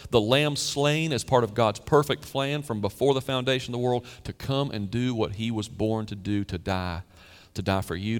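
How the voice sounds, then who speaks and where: Pastor, male, conversational sermon delivery with sharp rises and soft drops, mid-pitched, long hall reverb. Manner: conversational preaching with sudden emphatic rises and quiet drops. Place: church sanctuary.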